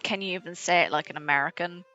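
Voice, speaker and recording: Low-voiced British woman streaming a game. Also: quick pace, sharp tone. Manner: chatty, swears freely, laughs with chat. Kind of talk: casual game stream chat. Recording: slightly dull sound with faint game music.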